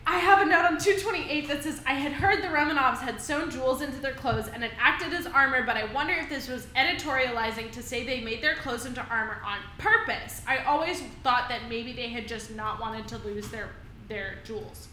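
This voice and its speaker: A high-voiced woman with a bright, clear tone talks through her book notes on a podcast and laughs often. She has the hiccups, and her voice rings in an echoey room. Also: fairly quick, slight background noise. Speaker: podcast co-host. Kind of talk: casual book discussion.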